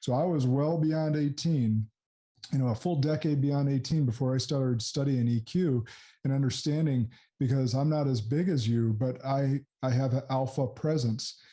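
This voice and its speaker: A man's voice: mid-range voice, normal speed, dark tone. A man in his thirties hosting a podcast, speaking in an earnest, affirming, reflective way. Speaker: podcast host. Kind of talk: casual interview chat.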